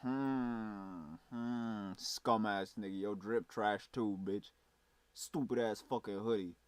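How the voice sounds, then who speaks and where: A man's voice: fairly low pitch, fairly even intonation, slow pace, clean tone, no room sound. A young man streaming, ranting with angry, profane reaction commentary.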